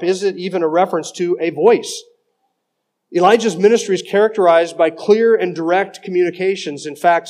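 A middle-aged male pastor with a notably high voice, preaching emphatically. He reads quotations aloud and then pushes back on them with firm, critical emphasis. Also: a little mellow. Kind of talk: sermon.

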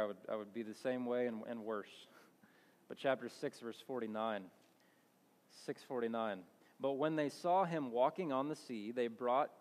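A man teaches from the Bible in a relaxed, conversational way, reading verses and then unpacking them. He corrects himself mid-sentence at times. His mid-pitched voice carries a long reverb, as in a large hall. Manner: conversational, restarts and self-corrections. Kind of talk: sermon with scripture reading.

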